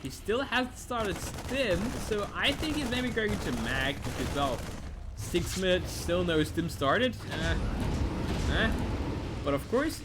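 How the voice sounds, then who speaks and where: High, lively joking male game caster. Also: takes it slowly, very noisy. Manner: animated, joking, acts out players in quoted voices. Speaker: esports caster. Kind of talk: live game commentary. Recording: music playing under the voice. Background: music.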